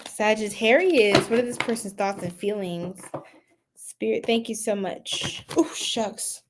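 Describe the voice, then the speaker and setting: A woman's voice: mid-range voice, measured pace, noisy background. A young woman giving a casual live tarot reading, chatty and giggly, talking to viewers in the chat. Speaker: tarot reader.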